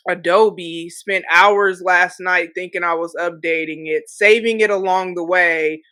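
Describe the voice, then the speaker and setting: A woman's voice: fairly low pitch, steady tone, a little slow, pushed and bright, no echo. A woman hosting a podcast in casual chat, reflective, with frequent filler phrases. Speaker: podcast host.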